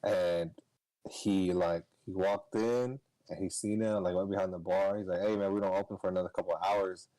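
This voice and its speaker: Man, casual podcast storyteller, low mellow voice, dry close sound, swears and laughs. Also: moderate pace, dry recording, low-quality recording. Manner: animated, swearing, laughs, voice jumps high when excited. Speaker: podcast co-host.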